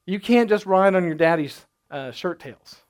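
A middle-aged man preaches from the pulpit in an easygoing, conversational way. His voice sits a little higher than most men's. He often restarts his sentences as he weaves personal stories into the sermon. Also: animated, moderate pace. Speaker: pastor.

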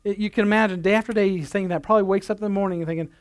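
A man with a notably high voice delivering a sermon. He speaks earnestly, leaning on repeated phrases to drive his points home. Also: fairly even intonation, very fast, clean tone. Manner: earnest, building emphasis, repeats phrases for effect. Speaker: pastor.

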